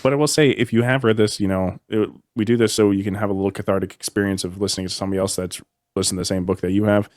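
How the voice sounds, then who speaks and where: A man's voice: lowish voice, fairly even intonation, rapid-fire, a little mellow, no echo, studio quality. A man hosting a casual book discussion podcast, rambling and hedging, often trailing off mid-thought. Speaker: podcast host.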